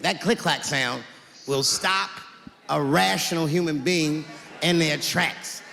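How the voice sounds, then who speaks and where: A man performing a stand-up comedy routine on stage, telling stories in an animated way and swinging into character voices. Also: a little high, takes it slowly, vocal fry. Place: large venue on stage. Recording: echoey hall with loud crowd and noise.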